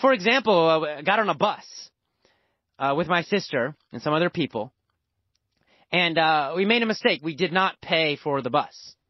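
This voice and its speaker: Lively American man telling a lesson story. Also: a little high, moderate pace, no room sound. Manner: emphatic, repeats words for emphasis. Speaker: language teacher. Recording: dull lo-fi dry recording.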